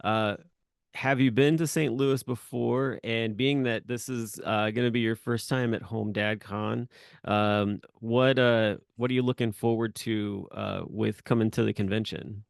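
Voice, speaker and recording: A man hosting a podcast interview, easygoing and quick to laugh, often backing up what his guest says. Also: on the low side, steady tone, vocal fry, no echo, clean studio sound. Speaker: podcast host. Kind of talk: casual interview chat.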